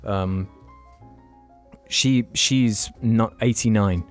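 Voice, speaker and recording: Over faint background music, a podcast co-host with a lowish voice draws out his words while telling a story in casual chat. He's frank and sweary and keeps restarting his sentences.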